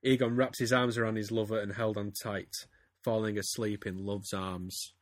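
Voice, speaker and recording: A man's voice: lowish voice, little pitch movement, moderate pace, no room sound, studio quality. A man, a podcast host giving a theatrical comic reading of a story. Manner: reads theatrically, breaks into laughter. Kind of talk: comedic dramatic reading.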